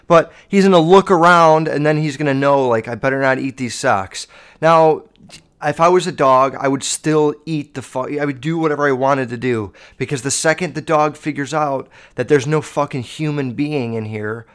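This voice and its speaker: A man hosting a solo podcast, telling a story in a casual, profane way and acting out other voices along the way. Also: a little high. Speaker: podcast host.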